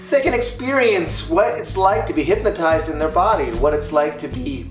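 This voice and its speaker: A man's voice: on the high side, animated, fairly quick. A man hosting a casual reaction video as a hypnotist, upbeat and explaining as he goes, laughing often. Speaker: hypnotist host. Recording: echoey room with music underneath.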